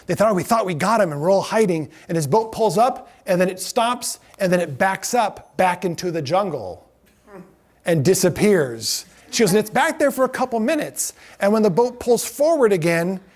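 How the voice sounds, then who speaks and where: A middle-aged man giving a storytelling lecture, animated and laughing often, acting out the voices of the people in his stories. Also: high voice, moderate pace.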